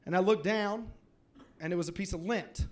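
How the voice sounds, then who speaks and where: A young man from Louisiana performs a stand-up set with a fairly high voice. He tells his story in short, punchy beats with playful comic timing. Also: moderate pace. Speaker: stand-up comedian.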